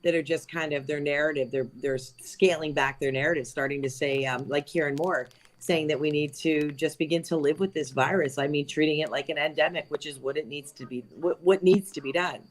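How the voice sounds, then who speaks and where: A woman's voice: sits low, fairly even intonation, fairly quick, few pauses. A woman on a livestream panel, talking casually and chattily, laughing often and trailing off mid-sentence.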